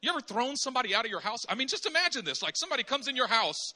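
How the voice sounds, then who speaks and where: A man preaching a sermon in an animated way, acting out conversations in different voices. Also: very high voice, rapid-fire.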